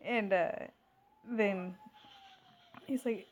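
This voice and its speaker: A woman's voice: medium pitch, extremely slow. Rambling woman telling a story at home. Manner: rambling, many fillers and restarts. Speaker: vlogger. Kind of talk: casual storytelling vlog.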